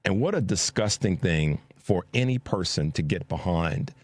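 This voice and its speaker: A man's voice: deep voice, expressive, normal speed, no echo, studio quality. A man hosting a political talk show, earnest and emphatic as he makes his points. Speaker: host.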